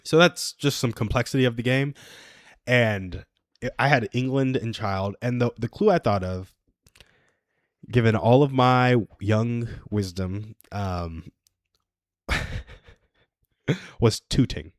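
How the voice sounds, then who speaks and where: A man's voice: medium pitch, slow, pauses often, dry recording, clean studio sound. A man in his twenties hosting a casual solo livestream. He rambles and chuckles at his own stories. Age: 20s. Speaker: livestream host.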